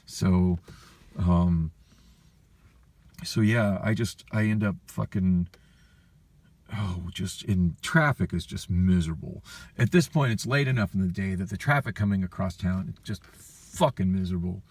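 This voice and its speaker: A vlogger with a low, unhurried, slightly mellow voice tells a long, rambling personal story, venting with weary frustration and plenty of profanity. It was recorded on a phone with no room sound, his voice sitting a bit far from the mic.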